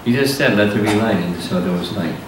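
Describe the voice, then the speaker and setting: A spiritual teacher with a somewhat low male voice delivers a scripture lecture slowly and deliberately, often pausing between phrases. He sounds distant from the mic, in a strongly echoing hall with a faint hiss in the background.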